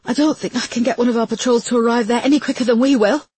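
A woman voicing a pregnant woman detective in labor, her lines high, strained and breathless with pain. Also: steady tone, fast talker, darkish tone, slightly rough, no room sound. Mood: urgent. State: in pain, panting.

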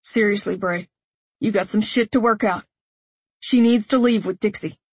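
A woman's voice: mid-range voice, moderate pace, breathy edge, no room sound, lightly acted. A woman voicing a blunt young man firmly telling his brother to back off.

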